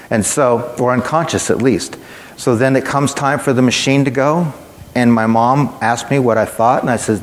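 Man preaching in a reverberant hall. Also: medium pitch. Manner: conversational, storytelling, addresses listeners directly. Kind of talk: sermon with personal testimony.

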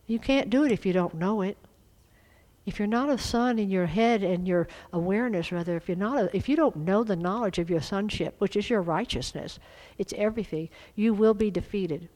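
A middle-aged woman preaching a sermon, fervent and emphatic, swelling into loud exhortation. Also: mid-range voice, normal speed, poor audio.

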